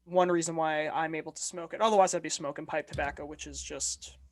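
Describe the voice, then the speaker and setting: A man's voice: a little high, fairly even intonation, fast. Teasing man co-hosting a podcast. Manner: joking, teasing, then earnestly explaining. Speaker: podcast co-host. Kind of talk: casual podcast chat.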